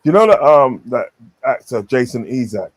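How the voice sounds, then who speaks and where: A man's voice: medium pitch, sing-song, normal speed. A man chatting casually on a stream, rambling with many fillers and repeated phrases. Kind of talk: casual chat.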